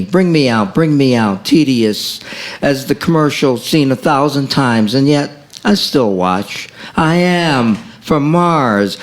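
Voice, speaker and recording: A man reading his own poems at a café open mic, in a rhythmic way that repeats lines and stretches key phrases. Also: medium pitch. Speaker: poet.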